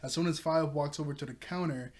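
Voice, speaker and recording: Casual male reviewer, higher pitch, chatty, laughs mid-line, restarts a lot and jumps up when quoting characters. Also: a little fast. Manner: restarts and self-corrections. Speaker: show reviewer.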